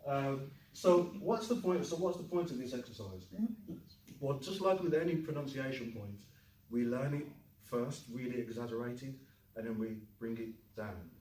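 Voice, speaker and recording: A man teaching a classroom lesson, lively, quizzing the class and joking. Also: mid-range voice, normal speed, reverberant, distant mic, slight background noise, poor audio. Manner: lively, asks the class questions, jokes. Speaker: Chinese teacher.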